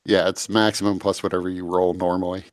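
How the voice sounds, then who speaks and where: A man narrating a tabletop game as game master, in a measured, descriptive way. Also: sits low, flat delivery, no room sound.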